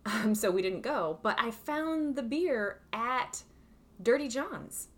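A young woman co-hosting a casual chat, telling animated stories and laughing often. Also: on the high side, slow pace. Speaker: podcast co-host.

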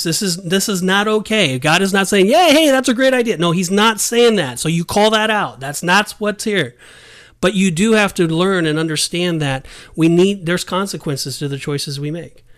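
A man's voice: fairly high pitch, fairly bright tone, dry recording, clean studio sound. A man co-hosting a casual Bible discussion podcast who talks emphatically and acts out the scenes he describes. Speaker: podcast co-host.

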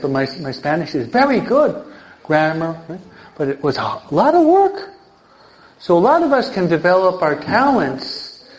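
An older man, a priest teaching an adult catechism class in a lively sermon style, emphatic and often checking in with his listeners. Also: on the high side. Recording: dull lo-fi recording.

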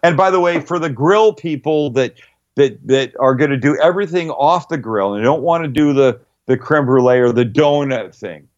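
A brash, profane middle-aged man talks through recipes in a loose, storytelling radio chat. His voice sits at an ordinary pitch, and the recording is slightly dull and lo-fi. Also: normal speed. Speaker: cooking show guest.

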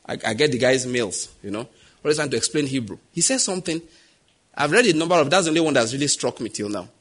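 A man's voice: medium pitch, fast talker, husky. A man with a Nigerian accent preaching a sermon, telling stories and acting out the voices in them. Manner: animated storytelling, acting out quoted voices.

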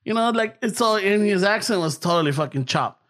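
High-voiced man telling a profane story. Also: expressive, fairly quick, a bit bright. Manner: profane, switches between English and Spanish mid-sentence, acts out voices. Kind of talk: casual storytelling chat.

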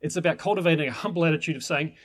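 A man's voice: fairly high pitch, rapid-fire, fairly bright tone. A man teaching permaculture in an enthusiastic, rambling way, with many restarts. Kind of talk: informal teaching talk.

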